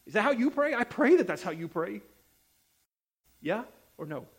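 A man preaching a sermon, emphatic and repetitive, with sharp swings between loud and soft delivery. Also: high voice, big pitch swings, normal speed, slightly rough. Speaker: pastor.

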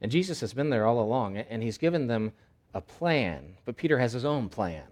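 A male pastor preaching a sermon in an animated, conversational way, with emphatic repetition. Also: medium pitch, normal speed.

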